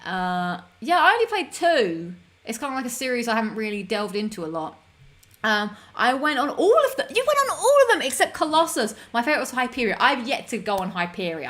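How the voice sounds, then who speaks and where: A woman hosts a casual stream, reading chat messages aloud in an upbeat, giggly way. Her voice is a little high and sharp, and she's chatty, with lots of fillers and restarts.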